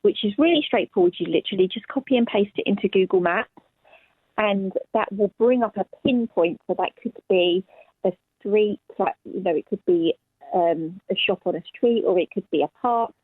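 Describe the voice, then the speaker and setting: A woman's voice: mid-range voice, moderate pace, slightly rough, no room sound. A mother speaking on a radio phone-in, explaining plans in a chatty, practical way. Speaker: mother of the guest. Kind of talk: phone-in interview. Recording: dry tinny phone line.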